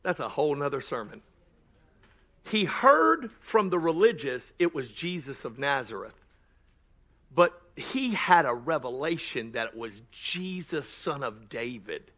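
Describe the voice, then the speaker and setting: High, bright-voiced preaching pastor. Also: male voice, sing-song, a little slow. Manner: swings from shouted preaching to quiet asides, joking. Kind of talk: sermon.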